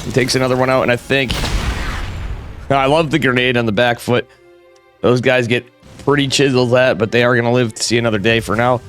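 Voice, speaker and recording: A man's voice: medium pitch, fairly even intonation, fairly quick, long pauses, fairly bright tone, soft background music. A man with a cold giving casual, chatty live commentary on a strategy game, talking straight to his viewers with jokey asides. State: has a cold. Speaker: esports caster.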